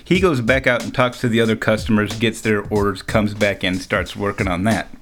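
A man telling a personal story in a relaxed way, chuckling often between lines. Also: on the low side, brisk, faint music behind. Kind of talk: storytelling anecdote.

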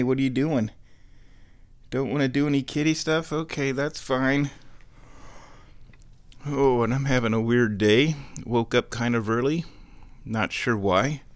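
A man's voice: medium pitch, no echo. A man hosting his own show from home, chatting in a laid-back, rambling way. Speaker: streamer hosting a recurring show. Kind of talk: casual rambling chat. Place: indoors at home.

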